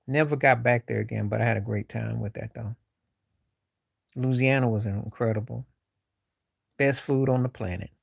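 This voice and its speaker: A man's voice: medium pitch, vocal fry, a bit bright, no echo, clean studio sound. A man hosting a livestream, rambling loosely with slang while answering viewers in casual chat. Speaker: livestream host.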